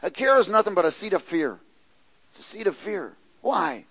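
A man's voice: very animated, normal speed, husky, no room sound, poor audio. Fiery preacher man, dry close sound. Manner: emphatic, swings from low asides to loud shouted peaks, mimics congregants; frequent rhetorical "Hello?" and call-and-response questions. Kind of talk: sermon.

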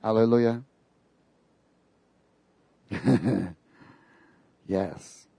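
A man preaching a sermon, lively and sarcastic, laughing between his points. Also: on the low side, very slow, creaky, husky, no echo.

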